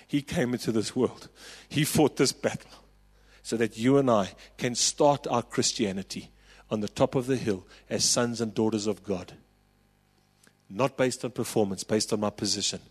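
A South African man in his forties preaching a sermon, telling a personal story with passion and rising to loud calls. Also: medium pitch, husky, in a large hall. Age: 40s. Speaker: pastor.

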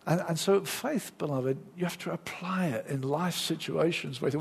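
A middle-aged man preaching a lively sermon, acting out the inner voices of his listeners. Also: on the high side, moderate pace, gravelly, slightly rough.

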